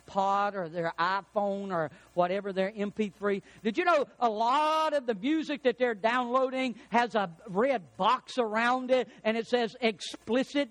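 A middle-aged preacher with a high-pitched voice. He tells homely stories in a relaxed, folksy way and builds to emphatic peaks to drive his points home. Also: measured pace, few pauses, rough recording. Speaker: pastor. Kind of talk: sermon.

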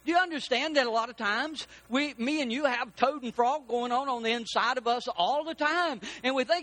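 A man preaching a sermon as pastor, telling a story with lively character voices. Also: very high voice, normal speed, hardly any pauses.

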